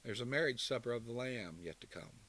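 A man preaching a sermon and closing in prayer, emphatic, building to loud declarations and dropping low again. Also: animated, a little fast, slight background noise.

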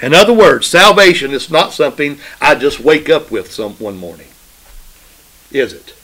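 A man's voice: a little high, lively intonation, normal speed, bright, forceful tone, low-quality recording. A man preaching a sermon, emphatic and repetitive, often asking his listeners "right?" in a call-and-response way. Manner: emphatic, repeats phrases for stress.

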